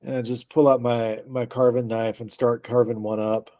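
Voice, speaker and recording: A man's voice: mid-range voice, flat delivery, moderate pace, dark tone. An easygoing, joking man playing a character in a tabletop game. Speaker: player. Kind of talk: tabletop role-play chat.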